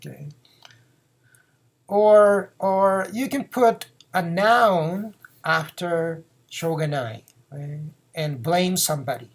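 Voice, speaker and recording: A man's voice: on the high side, slow pace. A man, teaching phrases in a casual lesson, repeating words and acting out example lines. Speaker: Japanese teacher.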